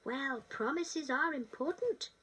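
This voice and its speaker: Brief: gentle storybook dad, voiced by a woman, slow, calm, still high-pitched. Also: recorded from a distance, poor audio. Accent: British. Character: kind gentle storybook father.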